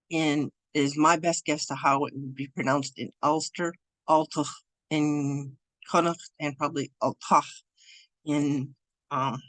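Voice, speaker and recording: A woman teaching an online beginners' language lesson over Zoom while sharing her screen, speaking in a loose, halting way with frequent restarts. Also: sits low, a bit bright, no echo. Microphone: computer mic over Zoom.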